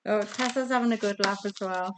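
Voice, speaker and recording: A woman's voice: medium pitch, a little fast, noisy background. A woman hosting a casual online quiz over a video call from home, chatty, giggly and self-deprecating. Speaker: quiz host.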